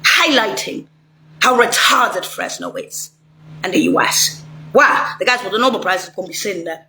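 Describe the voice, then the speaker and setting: A woman's voice: medium pitch, expressive, normal speed, bright, forceful tone, a little hiss or hum. Woman ranting in an echoey room. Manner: ranting, swearing, rambling. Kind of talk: angry profane monologue. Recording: roomy echo, faint ambience.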